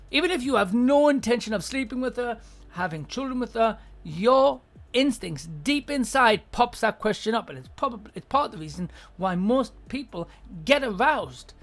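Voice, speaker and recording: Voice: medium pitch, a bit bright. Blunt, profane advice-show host. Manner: blunt, profane, acts out sample lines. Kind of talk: casual advice monologue.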